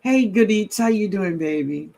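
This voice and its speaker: Gravelly guy on a live stream, kinda high voice, chatting easy and slow with his viewers. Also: animated, a little mellow. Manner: drawling, greets viewers as baby, laughs often. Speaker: livestream host. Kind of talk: casual live-stream chat reading comments.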